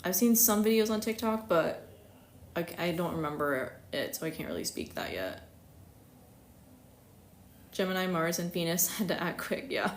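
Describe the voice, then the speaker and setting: A woman's voice: fairly low pitch, expressive, moderate pace, long pauses. A young American woman chatting casually on a live stream, giggling often and acting out quotes with big jumps in her voice. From United States. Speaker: astrologer hosting a live stream. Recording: echoey room, faint hiss.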